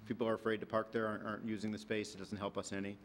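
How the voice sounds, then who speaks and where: A man's voice: on the low side, little pitch movement, racing, slight background noise. A man representing a business at a public planning meeting, answering questions reassuringly with frequent fillers.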